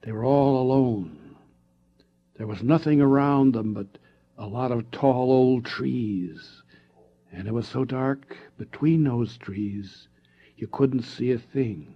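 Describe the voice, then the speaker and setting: A man's voice: medium pitch, expressive, slightly rough, dull audio, heavily acted. A man doing Eddie, a solemn chanting storyteller. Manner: soft, measured, chanting. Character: solemn boy storyteller, calm and eerie.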